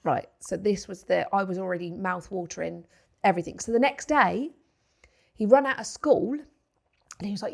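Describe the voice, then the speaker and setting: A pregnant woman hosting a podcast in casual chat, telling a story with animation and softly acting out her son's lines. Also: mid-range voice, normal speed, creaky. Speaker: podcast host.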